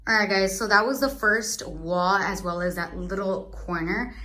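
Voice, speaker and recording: A woman's voice: medium pitch, normal speed, pushed and bright. A young woman chatting casually through a room tour as a beauty vlogger, rambling and searching for words, a little out of breath. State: a bit out of breath.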